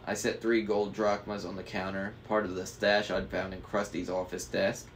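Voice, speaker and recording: A man's voice: low voice, little pitch movement, moderate pace, hardly any pauses, slight background noise. A man reading a novel aloud in a casual way, stumbling now and then over hard words. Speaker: book reader.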